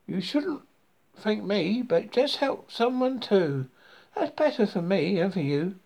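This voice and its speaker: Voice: mid-range voice, big pitch swings, takes it slowly, creaky, darkish tone, pitched above the performer's own voice, exaggerated voice. A reader voicing a grateful, cheerful male frog in a children's storybook, eager and bouncy.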